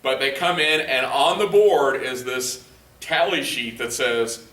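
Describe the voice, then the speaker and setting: Guy running a leadership workshop, bright forceful voice, kinda far off in an echoey room. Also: fairly high pitch, measured pace. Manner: conversational, quizzes the room, many "you know" fillers. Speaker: leadership trainer. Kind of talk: workshop lecture. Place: training room with a live group. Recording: echoey room, voice picked up from a distance.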